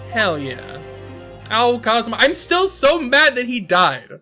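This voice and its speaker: A man's voice: very high voice, huge pitch swings, takes it slowly, sharp tone. A man streaming a game, commenting casually with swearing and laughing asides, over game music.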